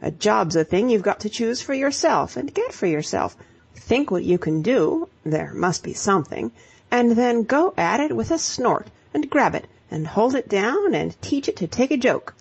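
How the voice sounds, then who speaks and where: A spirited young storybook heroine, put on by a woman narrator talks emphatically, in a lifted, lively voice. The tone has a gravelly, husky grain. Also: a little high, normal speed, pitched above the performer's own voice, exaggerated voice. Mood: lecturing. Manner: emphatic, lecturing, exclamatory. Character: spirited young woman giving brisk advice.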